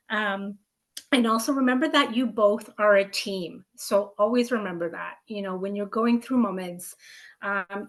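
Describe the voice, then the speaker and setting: A woman's voice: medium pitch, a bit bright. A woman doula giving earnest advice to expecting parents, speaking with frequent ums and restarts. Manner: earnest, filler-heavy, many ums and restarts. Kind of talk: educational talk to camera.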